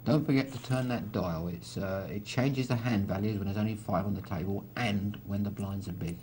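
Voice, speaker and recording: A man's voice: lowish voice, normal speed, a little mellow, slight background noise. A man gives live poker commentary, walking through each hand with a chatty manner and dry teasing asides to his co-host.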